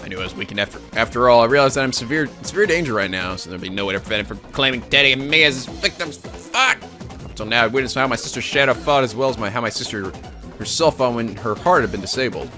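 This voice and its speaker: A man hosting a let's play, reading the game's text aloud with animated, laughing asides. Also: mid-range voice, fast, soft background music.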